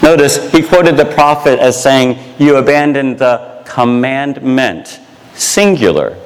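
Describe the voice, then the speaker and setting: A man preaching a sermon as a pastor, slow and deliberate, repeating key points for emphasis. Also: mid-range voice, in a large hall.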